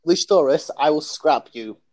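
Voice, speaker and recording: A man's voice: fairly high pitch, expressive, moderate pace, a little mellow, dry recording. A man joking and teasing his friends in casual podcast banter. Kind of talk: casual chat. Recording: dull lo-fi call audio.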